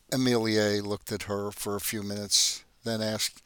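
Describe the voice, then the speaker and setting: A man narrates a story in a steady, measured reading. His voice has a bright edge, and the recording is dry and close. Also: lowish voice, clean tone, no room sound. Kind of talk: scripted narration.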